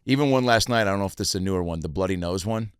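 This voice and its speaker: Low-voiced male podcast host, chatty. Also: rapid-fire, clear, resonant tone, dry recording, clean studio sound. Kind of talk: casual podcast chat. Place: podcast studio.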